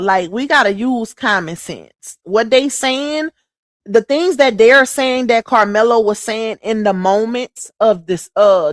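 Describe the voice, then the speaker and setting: A woman's voice: a little high, no room sound, studio quality. A woman giving casual live-stream commentary, emphatic and repetitive, talking straight to her chat. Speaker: livestream commentary host.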